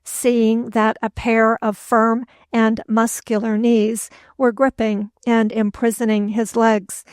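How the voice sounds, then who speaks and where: Slow, even-toned woman narrating. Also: fairly high pitch, smooth, no echo. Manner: measured, even storytelling. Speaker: audiobook narrator. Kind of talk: scripted narration of a classic novel.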